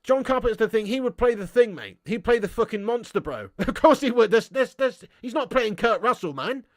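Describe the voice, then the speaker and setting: A man's voice: very high-pitched, animated, fairly quick, no echo, studio quality. A man hosting a live stream, reading viewer comments and ranting bluntly with lots of swearing. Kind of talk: casual live-stream chat.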